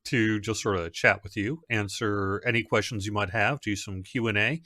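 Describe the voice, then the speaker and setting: A man's voice: fairly low pitch, fairly even intonation, moderate pace, bright, forceful tone, dry recording, clean studio sound. A man, the community manager of a game, hosting a casual live stream from home; he rambles conversationally, with fillers and restarts. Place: home setup.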